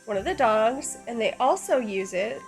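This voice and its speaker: A woman's voice: on the high side, lively intonation, normal speed, gravelly, faint music behind. Giggly woman streaming a game. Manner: giggly, chatty, playful. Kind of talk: casual live-stream chat.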